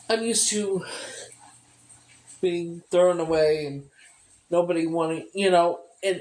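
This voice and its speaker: A woman's voice: deep voice, background noise. A woman venting in a bitter, tearful monologue, swearing heavily and repeating herself. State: upset and tearful. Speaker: vlogger. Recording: echoey room.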